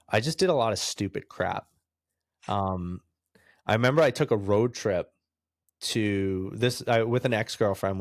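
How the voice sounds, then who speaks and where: A man in his thirties from New York, talking as a podcast guest and acting out the people in his stories. His voice sits fairly low and sounds close and dry, with little room around it. He laughs often as he talks. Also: no room sound. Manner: animated storyteller, laughs often, acts out other voices. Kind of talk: casual storytelling interview.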